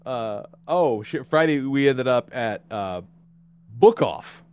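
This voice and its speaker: A man hosting a podcast, telling a story in casual chat, acting out quotes with big jumps in pitch and laughing often. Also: expressive, takes it slowly, clean tone. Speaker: podcast host.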